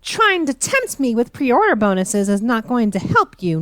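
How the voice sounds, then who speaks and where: Playful high-voiced woman gamer. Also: huge pitch swings, measured pace, fairly bright tone, dry recording, clean studio sound. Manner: playful, theatrical, teasing. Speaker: gaming streamer. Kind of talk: let's play commentary.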